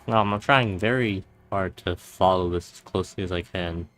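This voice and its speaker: A man's voice: deep voice, normal speed, a bit bright, soft background music. A man casually commenting on a horror game as he plays, reading the on-screen text aloud and tossing out exasperated, sarcastic asides. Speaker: let's play gamer.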